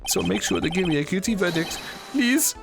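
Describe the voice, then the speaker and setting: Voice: mid-range voice, expressive, a little fast, creaky, over music, voice pushed up. A streamer voicing a nervous young man who pleads and whines to be found guilty. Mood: pleading.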